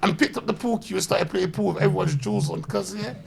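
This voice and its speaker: Man, 30s, gravelly, high-pitched, lively swings, loud slangy storyteller. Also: quick pace. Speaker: guest. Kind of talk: animated anecdote telling.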